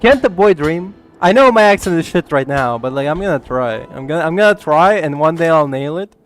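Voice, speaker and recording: A man's voice: on the high side, animated, fairly quick, soft background music. A young man from Ukraine streaming a game, chatting casually in a rambling way, stammering, and swearing freely. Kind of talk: casual gaming chat.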